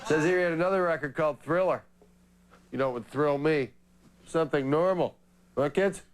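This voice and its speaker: A man's voice: a little high, a little fast, a little hiss or hum, pitched below the performer's own voice, close to an everyday voice. A man voicing a grumpy middle-aged suburban dad in a comedy sketch. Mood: grumbling.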